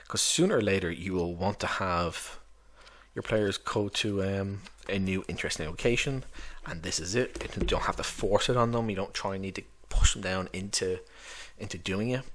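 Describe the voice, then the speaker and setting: A man's voice: deep voice, a little fast, fairly bright tone. A man who runs tabletop games, chatting casually and loosely about books he recommends, with lots of fillers. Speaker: tabletop game master reviewing books. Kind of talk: casual rambling book review.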